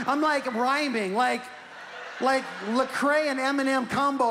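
A young man preaching as a pastor, telling a story with self-mocking humor in an animated way. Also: extremely high pitch, measured pace, background noise. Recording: long hall reverb.

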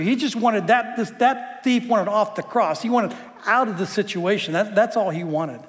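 A man's voice: high voice, moderate pace. A male pastor preaching a sermon in a conversational, joking way, often repeating his words. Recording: long hall reverb.

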